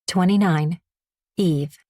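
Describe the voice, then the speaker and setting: A woman narrating a romance audiobook in the first person, soft and emotional. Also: on the low side, slow, dry recording, studio quality. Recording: distant mic.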